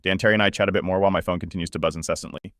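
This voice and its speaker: A man tells a first-person story in a low, deep voice. His reading is steady and measured, like scripted narration. The sound is close and dry, with no room around it. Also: no room sound.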